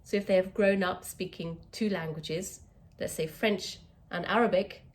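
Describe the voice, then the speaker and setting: A woman's voice: on the low side, steady tone, a little slow. A woman with an English accent, a communication coach teaching to camera, stretching out key words for emphasis.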